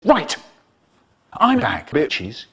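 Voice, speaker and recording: A man telling a comic story in an animated way, with sudden high bursts. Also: very slow, breathy edge. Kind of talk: comic storytelling, spliced clips.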